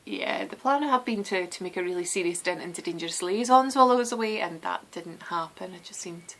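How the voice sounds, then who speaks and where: Chatty Scottish woman, lowish voice. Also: brisk, fairly bright tone, low-quality recording. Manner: chatty and meandering, many restarts and ums. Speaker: knitting podcast host. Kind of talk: casual chat.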